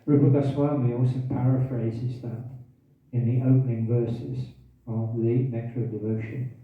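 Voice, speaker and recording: A man's voice: medium pitch, steady tone, moderate pace. A man giving a scripture class, quizzing the audience and repeating key phrases, with hiccups. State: has hiccups. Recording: tinny, distant, echoey room recording.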